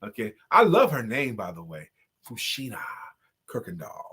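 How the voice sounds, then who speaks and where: A middle-aged man hosting a live stream, playfully giving viewers shout-outs with short improvised sung and rapped jingles and frequent laughter. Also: fairly low pitch, huge pitch swings, moderate pace, husky. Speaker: host.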